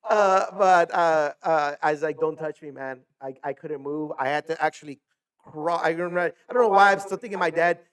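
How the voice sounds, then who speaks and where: A man's voice: on the high side, fairly quick, smooth. A man and coach telling long casual stories, rambling with lots of filler words. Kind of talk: casual storytelling.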